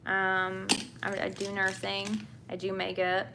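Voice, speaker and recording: Over background noise, a young woman speaks slowly and in a monotone, her mid-range voice gravelly. The nurse and vlogger, from England with a Southern US accent, chats with viewers about her work while doing her makeup, answering questions with frequent fillers and restarts.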